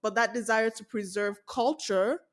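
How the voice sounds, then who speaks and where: A woman's voice: on the high side, moderate pace. A woman from Nigeria, hosting a podcast and speaking reflectively in casual conversation while she searches for her words. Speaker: podcast host.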